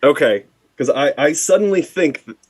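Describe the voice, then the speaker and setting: Lively high-voiced man playing a game. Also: moderate pace. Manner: excitable, laughing. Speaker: player. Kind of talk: casual chat at a game table.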